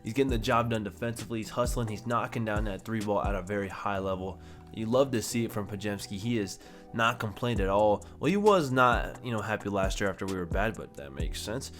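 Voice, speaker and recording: A man's voice: on the low side, brisk, a bit bright, faint music behind. A young man casually commenting on a basketball video game, chatty and rattling off stats as he corrects himself. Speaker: gaming YouTuber.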